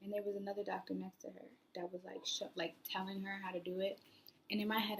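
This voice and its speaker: A young new mother tells her own story in a casual vlog, rambling with lots of "like" and sometimes slipping into a soft near-whisper. Her medium-pitched, gravelly voice is flat and brisk, with a little hiss or hum in the audio.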